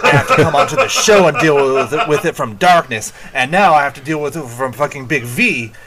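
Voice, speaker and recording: A man's voice: fairly high pitch, big pitch swings, brisk, fairly bright tone. A man co-hosting a podcast, chatting casually and complaining in an exasperated way, with swearing. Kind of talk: casual chat.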